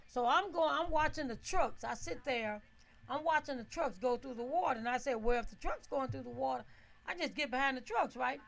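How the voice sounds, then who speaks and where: A woman telling a story in a casual, animated way. She laughs often, keeps checking in with her listeners, and acts out her own shouts. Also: high voice, fairly quick, gravelly.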